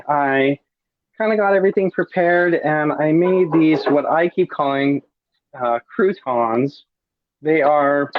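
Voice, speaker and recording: Male host, campy cooking demo, higher voice, dry dull call audio. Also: dry recording. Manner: campy, chatty, savoring each bite aloud. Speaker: drag performer cooking on a livestream. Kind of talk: casual cooking demonstration.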